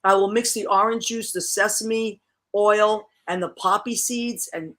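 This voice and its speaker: A woman's voice: medium pitch, steady tone, a little slow. A middle-aged woman hosting a casual online chat show, talking chattily about her cooking, with many restarts and easy laughter. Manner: chatty, warm, laughs easily, restarts often. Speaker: show host.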